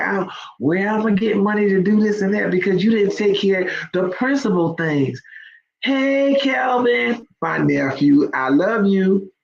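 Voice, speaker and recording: A woman's voice: medium pitch, animated, unhurried, vocal fry, muffled recording. A woman hosting a live faith talk for online listeners. She speaks conversationally with many ums and builds into emphatic exhortation.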